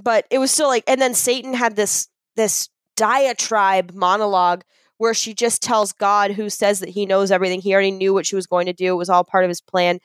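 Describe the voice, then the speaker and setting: A young adult woman co-hosting a podcast in casual chat, gushing and excitable as she tells a story. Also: medium pitch, brisk, clear, resonant tone, no room sound. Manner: excitable, gushing storyteller, fond of self-described geeking out. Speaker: podcast co-host.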